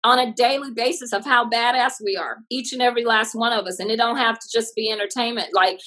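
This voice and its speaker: A woman comedian from Texas telling stories in a casual interview, animated and expressive. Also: fairly high pitch, fast talker, poor audio. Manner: animated, expressive, laughs often. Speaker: comedian guest.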